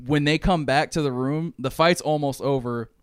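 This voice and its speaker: Male podcast co-host, smooth and clear, rambling storyteller, swears freely, dry close sound. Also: mid-range voice, normal speed, dry recording. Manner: rambling, animated retelling with frequent swearing. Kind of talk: casual chat, pitching a movie plot.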